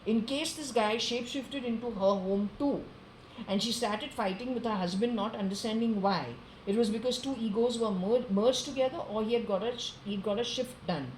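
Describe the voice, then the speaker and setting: Woman, Indian English accent, rambling and combative, slightly high pitch, faint background hiss. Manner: rambling, grows into angry insults. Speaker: self-described occultist. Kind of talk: rambling monologue to camera. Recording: echoey room.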